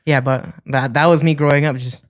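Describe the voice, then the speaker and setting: A young man from Ohio, a singer guest in a casual interview, telling stories and acting out quotes in a higher voice. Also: fairly even intonation. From Toledo, Ohio. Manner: fast, chatty, acts out quotes with raised voice.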